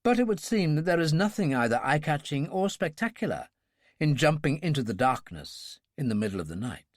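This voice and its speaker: A man narrating a thriller audiobook in a measured, expressive storytelling manner. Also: fairly high pitch, dry recording, studio quality.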